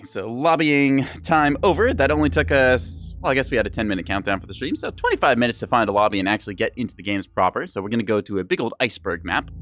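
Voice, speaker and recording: A man's voice: medium pitch, fairly bright tone. A young adult man giving casual live-stream commentary on a game, chatty and rambling, with frequent laughs and teasing asides.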